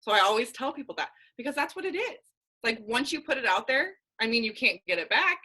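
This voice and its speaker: Young adult female fitness coach, casual and emphatic motivational speaker, crisp bright tone. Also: a little high, sing-song, a little fast, low-quality recording. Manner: candid, emphatic, casual slang. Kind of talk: motivational team call talk.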